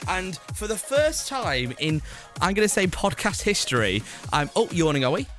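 A man's voice: high voice, sing-song, normal speed, a bit bright, faint music behind. A young man hosting a casual podcast, playful and teasing. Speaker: podcast host. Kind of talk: casual chat.

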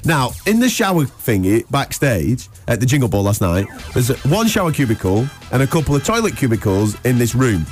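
A man's voice: mid-range voice, very animated, fairly quick, few pauses, faint music behind. A man, hosting a breakfast radio show and telling a funny story with plenty of laughs. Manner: laughing storyteller, acts out voices. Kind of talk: animated anecdote telling.

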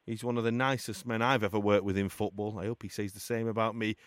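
Radio football host, jokey presenting, smooth resonant voice, dry studio sound. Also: male voice, on the low side, steady tone, fast, no room sound. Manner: jokey, laughs often.

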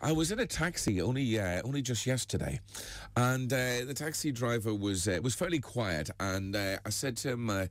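Lively radio host telling stories. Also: male voice, mid-range voice, moderate pace, no room sound. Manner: lively storyteller, deadpan punchlines. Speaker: radio breakfast show host. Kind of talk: joke-telling radio banter. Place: radio studio.

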